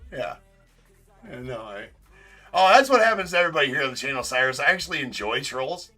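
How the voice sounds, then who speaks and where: A man's voice: medium pitch, big pitch swings, brisk, pushed and bright, soft background music. A man hosting a live card break stream, talking casually and teasing viewers in the chat with loose, rambling banter. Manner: teasing, rambling, with frequent laughs and filler words.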